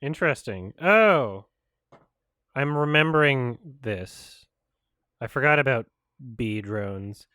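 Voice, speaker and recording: A man's voice: medium pitch, animated, slow, pauses often, pushed and bright, clean tone, no room sound. A man hosting a watch-along, muttering dry, sarcastic reactions as he watches. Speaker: host reacting to a show. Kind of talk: casual watch-along commentary.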